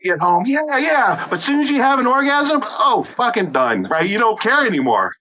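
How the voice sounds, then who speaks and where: A man performing a crude stand-up comedy set, shouting punchlines and acting out voices. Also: high-pitched, sing-song, a little fast, poor audio. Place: rooftop event.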